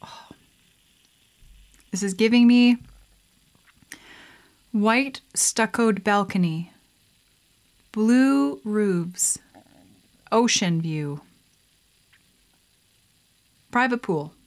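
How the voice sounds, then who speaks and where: A woman's voice: medium pitch, very slow, long pauses. Chatty young woman mixing a drink. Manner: chatty, laughs often, playful asides. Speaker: vlogger. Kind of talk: casual chat while mixing a drink.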